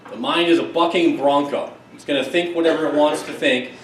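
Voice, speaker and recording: A middle-aged man giving a conference keynote, telling stories in an emphatic, lively way with quick asides. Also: on the high side, slight background noise. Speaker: keynote speaker, psychologist. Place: conference hall. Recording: echoey hall, distant mic, faint ambience.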